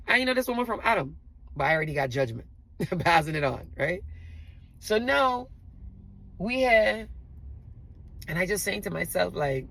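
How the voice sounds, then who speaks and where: A middle-aged woman from the Virgin Islands with a Virgin Islands accent, telling her own story in a chatty, animated way and often speaking straight to her listeners. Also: deep voice, a little fast, vocal fry, long pauses, breathy edge. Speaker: storyteller host. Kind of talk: personal storytelling to an audience.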